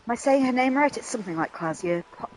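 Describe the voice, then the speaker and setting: A woman's voice: on the high side, animated, fast, darkish tone, a little hiss or hum, poor audio. Chatty woman playing a game. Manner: chatty, swears casually. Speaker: let's play host. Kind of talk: casual gameplay commentary.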